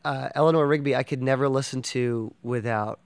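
An enthusiastic man talks in a casual interview and rambles, full of fillers and restarts. His voice is smooth and clear at a middle pitch. The sound is close and dry. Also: fairly even intonation, brisk, dry recording. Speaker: drummer and podcast guest.

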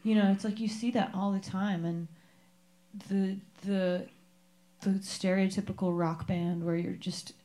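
A woman musician, a guest in a radio studio, talking in a soft-spoken, halting way during a casual interview. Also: mid-range voice, flat delivery. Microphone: studio microphone.

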